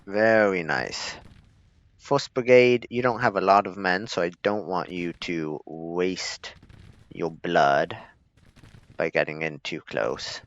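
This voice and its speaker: A man's voice: low-pitched, takes it slowly, fairly bright tone, no room sound. A man giving casual, joking gameplay commentary as a streamer, chuckling and talking to his units. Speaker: gaming streamer. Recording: dull lo-fi mic.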